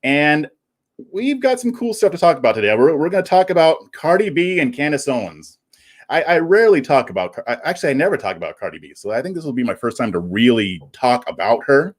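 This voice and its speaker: A man's voice: fairly high pitch, big pitch swings, a little fast. A man hosting a live stream in casual chat, plugging his channel and previewing the topics. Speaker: livestream host.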